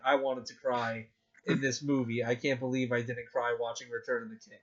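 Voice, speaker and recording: A young man co-hosting a casual podcast chat, rambling and excitable with lots of fillers. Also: mid-range voice, normal speed. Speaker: podcast co-host. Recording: dull lo-fi sound.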